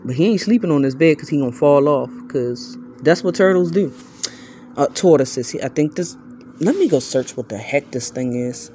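A woman, vlogging casually from her bed at night in rambling, self-interrupting chatter, switching to a high baby voice when she talks to her pet. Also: expressive, normal speed, dark tone, a little hiss or hum. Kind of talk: casual late-night vlog.

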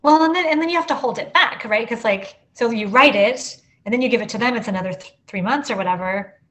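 A woman's voice: a little high, fast. A woman author talking casually as an interview guest, chatty, with many "likes" and restarts. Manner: chatty, full of "like" and restarts, animated.

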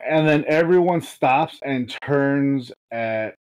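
Slow-talking male game master. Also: medium pitch, smooth. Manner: slow, halting, with fillers. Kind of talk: narrating a tabletop game.

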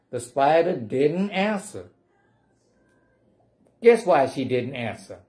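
A man's voice: fairly high pitch, sing-song, slow pace, long pauses, darkish tone. A man reading a picture book aloud at a library storytime, playfully coaxing the children to say the refrain along with him.

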